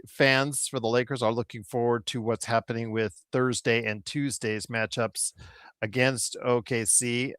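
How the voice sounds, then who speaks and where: A man's voice: medium pitch, fairly bright tone, dry recording. A man hosting a casual sports talk show, asking long, rambling questions with lots of hedging. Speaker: podcast host.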